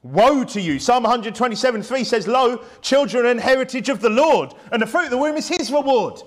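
A man's voice: very high voice, lively intonation, a little fast. A man preaching a sermon in a church, emphatic and fiery, firing off rhetorical questions.

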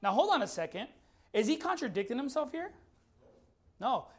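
A man preaching a sermon, firing rhetorical questions and reading scripture slowly and deliberately. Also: extremely high pitch, very animated. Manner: emphatic, fires rhetorical questions.

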